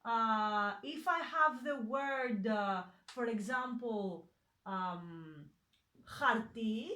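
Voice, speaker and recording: Slow, patient woman teaching a lesson. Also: a little high, sharp tone. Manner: patient, many fillers and self-corrections. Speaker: language teacher. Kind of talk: slow, hesitant online lesson explanation.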